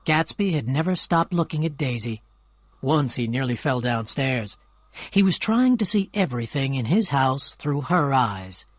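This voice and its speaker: A man's voice: medium pitch, expressive, unhurried, dry recording. Man narrating a storybook, dry sound. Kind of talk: scripted storybook narration for learners.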